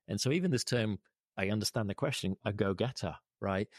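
A man's voice: on the low side, lively intonation, a little fast, no echo, clean studio sound. A man talking earnestly in an interview, asking rhetorical questions as he argues a point. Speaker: guest, leadership advocate. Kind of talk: conversational interview.

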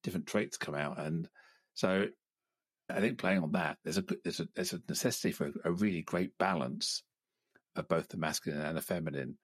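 A male interviewer with a very deep voice speaks in a measured, halting way, restarting his phrases as he goes. The recording is close and dry. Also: dry recording. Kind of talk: conversational interview.

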